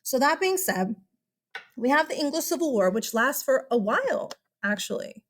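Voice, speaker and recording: A woman's voice: high-pitched, very animated, normal speed. A woman teaching a history lesson in a casual, chatty way, asking rhetorical questions and calling her listeners guys. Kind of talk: casual classroom lecture.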